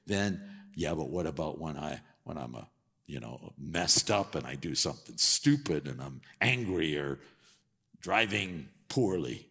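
Gravelly-voiced preacher in a reverberant hall. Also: male voice, a bass voice, normal speed. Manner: animated, conversational preaching with rhetorical questions. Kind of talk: sermon.

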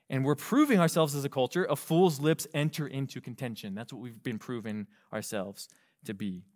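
A male pastor preaching a sermon, animated, asking the congregation rhetorical questions and acting out quoted voices. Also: on the high side.

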